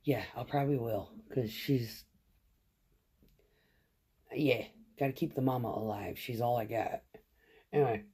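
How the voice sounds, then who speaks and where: A woman's voice: rumbling low, unhurried, long pauses, mellow, breathy edge. A woman chatting casually in a vlog about remodeling her home, rambling and swearing freely. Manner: rambling and profane.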